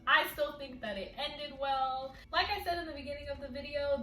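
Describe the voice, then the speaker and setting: A woman excitedly reviewing a manga volume in a casual vlog, retelling scenes with acted-out lines. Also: sits high. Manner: animated, dramatic retelling with acted-out quotes. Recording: echoey room, slightly distant mic, faint music.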